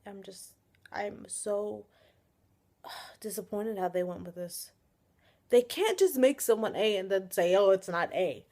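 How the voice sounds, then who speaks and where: A young woman vents to her camera in an exasperated, swearing rant. She sighs often and her pitch sits mid-range. It sounds like a casual home vlog on a built-in camera mic. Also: expressive, measured pace, pauses often, mellow. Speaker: vlogger reviewing a TV episode. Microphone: webcam or built-in camera mic.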